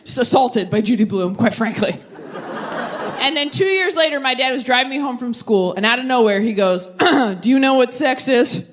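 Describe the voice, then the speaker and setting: A young woman doing live stand-up and crowd work, brash and profane, with quick tangents. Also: on the high side, expressive, background noise. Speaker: stand-up comedian. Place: comedy stage before a live audience.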